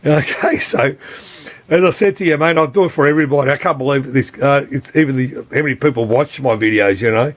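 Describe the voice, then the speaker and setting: A man's voice: medium pitch, fairly quick. A man explaining a machine repair in a loose, rambling way, blunt and swearing freely, often asking "you know what I mean". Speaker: repair technician.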